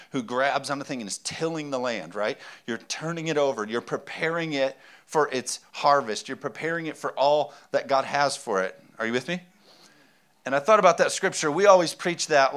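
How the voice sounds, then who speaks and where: A middle-aged man preaching a sermon, lively and conversational, with joking asides to the congregation. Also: medium pitch. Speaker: pastor.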